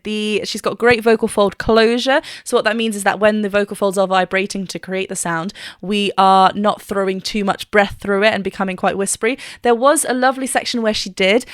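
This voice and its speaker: A woman's voice: medium pitch, no echo, studio quality. A woman vocal coach reacting to a live performance, explaining technique with enthusiasm. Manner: enthusiastic, explanatory, quotes lyrics by singing. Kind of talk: reaction video analysis.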